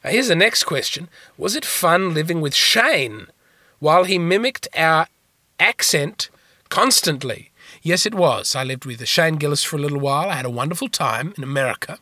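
Bright-voiced deadpan man rambling. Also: on the high side, normal speed, no echo. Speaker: podcast host. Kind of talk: casual comedic monologue answering listener questions.

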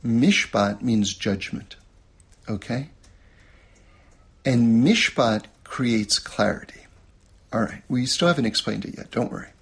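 A man teaching a religious lesson, telling a personal story and acting out quotes in a much higher voice, often checking in with "okay?". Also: takes it slowly, long pauses, slightly rough. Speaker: Torah teacher.

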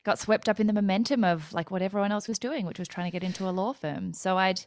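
A woman's voice: medium pitch, fast talker. A woman in her thirties with an Australian accent, telling her story in a talkative interview chat that wanders off on tangents. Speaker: guest.

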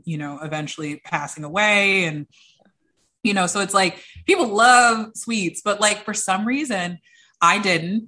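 Young woman, bright tone, animated storyteller, mimics quoted voices, interview guest. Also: fairly low pitch. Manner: acts out quoted voices, lively.

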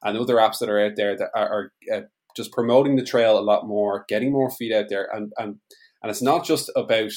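A man with a fairly low voice hosts a podcast interview. He responds thoughtfully and affirms his guests' points as he works through his own ideas. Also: steady tone, brisk, a little mellow. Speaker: podcast host.

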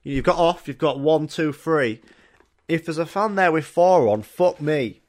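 A man's voice: a little high, a little slow. A young man, telling rambling, sweary, jokey stories on his own podcast. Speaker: podcast host. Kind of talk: casual solo podcast storytelling.

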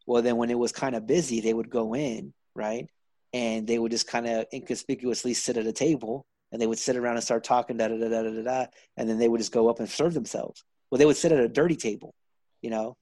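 A man hosting a casual podcast, telling animated stories and acting out the people in them. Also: mid-range voice, quick pace, no echo. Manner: animated storyteller, acts out quoted voices. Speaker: podcast host. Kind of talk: casual chat.

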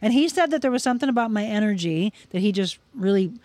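A middle-aged woman from Missouri, a guest on a podcast, recounting her career with animated storytelling. She acts out other people's lines as she goes. Her voice sits at an ordinary pitch, picked up close and dry. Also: fast talker, no echo. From Missouri, USA. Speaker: guest, broadcaster. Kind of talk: casual interview storytelling.

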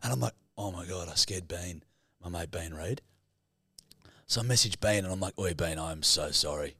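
Casting note: young Aussie man, low and gravelly, laid-back storyteller, dry close mic. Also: normal speed, pushed and bright, no echo. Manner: swearing, laughing, acts out quotes. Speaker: podcast co-host. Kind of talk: casual chat, storytelling.

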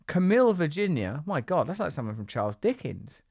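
A man's voice: a little high, very animated, a little fast, creaky, a little mellow. A man hosting a podcast in casual chat, playful and teasing as he riffs on odd ideas. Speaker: podcast host.

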